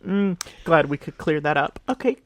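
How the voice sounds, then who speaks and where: A young man co-hosting a podcast in casual chat, expressive and given to loud laughs. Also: on the high side, moderate pace, a little hiss or hum. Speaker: podcast co-host.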